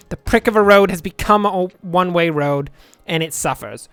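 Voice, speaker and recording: A man's voice: high-pitched, normal speed, few pauses, a bit bright, clear, resonant tone, no room sound, faint music behind. A young man casually commentating his gameplay, rambling and joking, muttering asides to himself at a home desk microphone. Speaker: let's play host.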